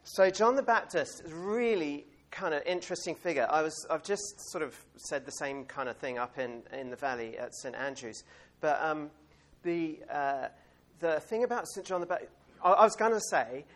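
A man's voice: fairly high pitch, moderate pace, few pauses. A man giving an informal sermon in a church, chatty and rambling, with plenty of fillers and light laughs. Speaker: preacher.

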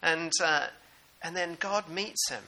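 A New man preaching a sermon in an animated, conversational way and putting questions to the congregation. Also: a little high, slow pace, poor audio.

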